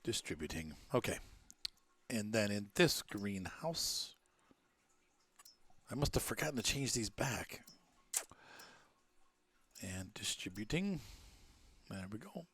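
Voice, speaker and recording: A man's voice: fairly low pitch, sing-song, slow pace, long pauses, a bit bright, breathy edge. A man giving casual, self-mocking commentary over a farming game, chatting and muttering to himself. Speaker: gameplay commentator.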